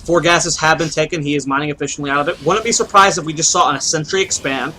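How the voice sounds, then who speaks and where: A man commentates a strategy game match alone, explaining builds and musing aloud with questions to himself. His voice sits a little high and sounds bright and forward. A faint background hum runs under the recording. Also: fast, poor audio. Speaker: esports caster. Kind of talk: solo play-by-play commentary.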